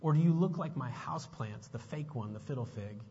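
A man preaching a sermon as a pastor, moving between relaxed chat and pointed, emphatic questions. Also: medium pitch, fairly quick, breathy edge. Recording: muffled sound with long reverb.

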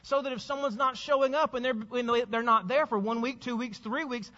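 A man's voice: very high voice, fairly even intonation, fairly quick, pushed and bright, in a large hall, lo-fi sound. A man preaching a sermon as pastor, urging his congregation with repeated rhetorical questions.

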